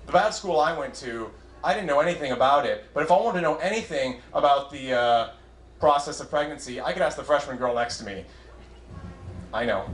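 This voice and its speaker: On a club stage, a young man hosts a stand-up set into a handheld mic, self-deprecating and chatting with the crowd as the audience laughs. His medium-pitched voice is fairly bright, the room sound is roomy, and there's a little hiss or hum.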